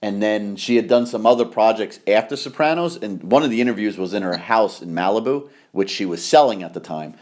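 Middle-aged American host, low-pitched, rambling storyteller who gets excited and laughs easily in casual chat. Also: male voice, fairly quick, hardly any pauses. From United States. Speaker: podcast host.

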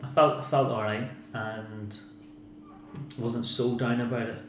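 A former boxer from Northern Ireland, with the accent to match, talks frankly in a casual interview, rambling a bit, repeating himself and swearing now and then. His mid-range voice is fairly even and unhurried, captured in an echoey, noisy room.

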